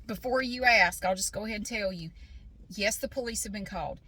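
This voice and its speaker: A woman's voice: mid-range voice, moderate pace, pushed and bright. A middle-aged woman talks from her parked car in a loose, rambling vlog voice. She wanders off topic, pokes fun at herself and keeps the story moving. Faint car sounds sit behind her. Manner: rambling, chatty, self-deprecating storytelling. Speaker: vlogger. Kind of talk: casual chat vlog.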